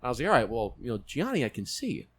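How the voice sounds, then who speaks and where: A man hosting a podcast, swearing freely and acting out stories as he goes. His voice sits at an everyday middle pitch. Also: fast. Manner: profane, animated storytelling. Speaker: podcast host. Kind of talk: casual chat.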